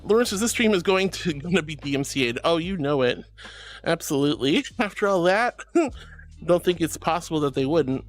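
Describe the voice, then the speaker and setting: A woman's voice: deep voice, animated, moderate pace. A woman streaming and reading her chat, bubbly and giggly, calling her viewers sweetie and darling. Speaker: VTuber streamer. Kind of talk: livestream chat.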